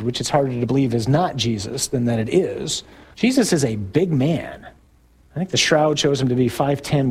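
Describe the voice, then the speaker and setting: Speaking in a fairly high voice, a middle-aged Catholic priest gives a parish group an emphatic, conversational talk. He asks the audience questions and breaks into loud bursts to drive key points home.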